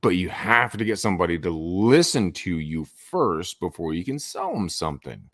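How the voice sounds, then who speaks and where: Low, animated man coaching sales. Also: normal speed, dry recording, clean studio sound. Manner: animated, swings his voice up and down for emphasis. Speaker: real estate sales coach. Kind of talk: podcast guest advice.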